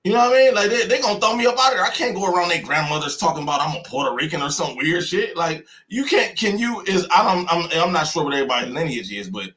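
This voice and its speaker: A man's voice: a little high, expressive, fast talker, few pauses, fairly bright tone. An American man hosting a live stream, talking in an emphatic, repetitive way and acting out other people's voices. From United States. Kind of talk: heated opinion talk on a live stream.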